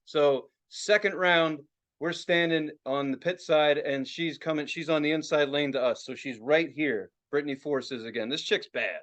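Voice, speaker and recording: A man co-hosting a podcast, telling a story in casual, excitable, profane chat. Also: on the high side, moderate pace. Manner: profane, excitable, acts out other people's reactions. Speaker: podcast co-host.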